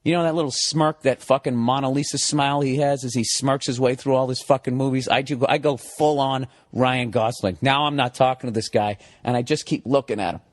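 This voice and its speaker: A man's voice: medium pitch, fairly even intonation, brisk, hardly any pauses, dry recording, studio quality. A man hosting a podcast, telling a story in a profane, sarcastic way and acting out both sides of an argument. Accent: Boston. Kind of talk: casual storytelling monologue.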